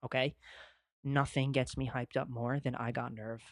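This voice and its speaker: Young male podcast host, excitable, swears a lot, dry close mic, mid-pitched. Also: normal speed, vocal fry, no echo. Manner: excitable, profane, gushing. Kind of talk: casual podcast monologue. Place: home studio at a desk.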